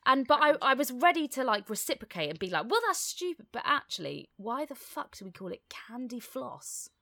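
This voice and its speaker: A young woman co-hosting a casual podcast chat, a self-mocking, animated storyteller who swears freely. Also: fairly high pitch, fairly quick, gravelly. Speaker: podcast co-host.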